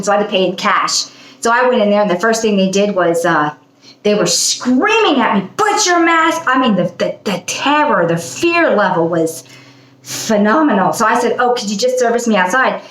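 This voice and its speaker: A woman's voice: mid-range voice, lively intonation, normal speed, a bit bright, echoey room, poor audio. A woman hosting her own channel, talking in a casual spoken monologue, chatty and often breaking into laughs. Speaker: channel host.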